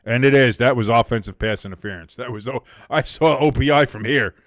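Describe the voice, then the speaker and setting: A man's voice: mid-range voice, fairly quick, dry recording, studio quality. A young man casually commenting on a football game live for a stream, reading chat aloud and swearing freely. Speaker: watch-along streamer.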